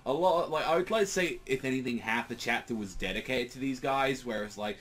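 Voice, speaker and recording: A man's voice: mid-range voice, fairly quick, a bit bright. Rambling, profane male manga reviewer. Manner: rambling, heavy filler words, profane. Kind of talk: casual review monologue.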